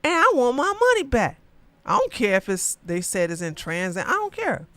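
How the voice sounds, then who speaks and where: Woman, bright tense voice, dry close sound, rambling profane rant. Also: medium pitch, moderate pace, dry recording. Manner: animated, profane, repeats herself.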